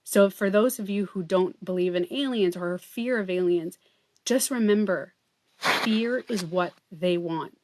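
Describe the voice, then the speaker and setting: A woman hosting a casual livestream, talking earnestly and full of fillers. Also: mid-range voice. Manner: chatty and earnest, many fillers like "like" and "you know". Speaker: livestream host and beauty coach.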